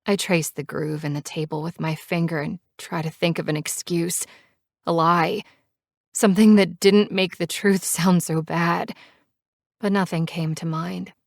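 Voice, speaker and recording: A woman narrating a first-person romance audiobook with a measured, steady reading on a close mic. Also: lowish voice, vocal fry, no echo.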